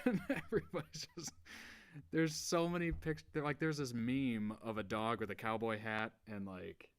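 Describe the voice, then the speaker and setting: A man's voice: mid-range voice, unhurried, pauses often. A man hosting a reaction video, casually explaining background and laughing along. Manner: easygoing, laughs while explaining.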